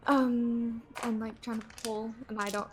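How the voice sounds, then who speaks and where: A young woman describes her character's actions in a tabletop game over a voice call. She speaks very slowly and hesitantly, with lots of fillers. Faint ambient noise sits under her voice. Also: on the high side, level tone. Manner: hesitant, slow, many fillers. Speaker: player.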